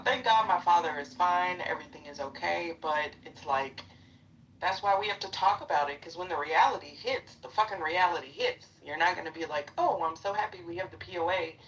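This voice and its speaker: A woman's voice: on the low side, fairly quick, fairly bright tone, far from the mic, slight background noise, poor audio. A middle-aged woman chatting casually in a live audio room, blunt, profane and ready to call people out. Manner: confrontational when calling someone out. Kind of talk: casual chat.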